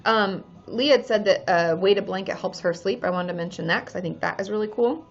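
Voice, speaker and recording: A woman's voice: medium pitch, brisk, vocal fry, highs cut off. A woman from Washington State, a therapist chatting casually on a livestream, answering viewers and reading their names aloud.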